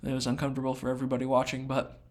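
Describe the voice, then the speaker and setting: A man co-hosting a casual podcast, telling a story in an animated way and acting out the other people's voices. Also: medium pitch, very fast. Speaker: podcast co-host.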